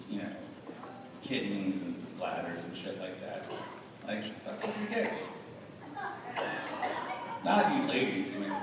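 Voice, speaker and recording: A man doing a stand-up comedy set on a club stage, telling stories loudly and shouting his punchlines into a handheld microphone, with the audience laughing. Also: medium pitch, noisy background. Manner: loud, animated storytelling with shouted punchlines. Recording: echoey club from a distant mic.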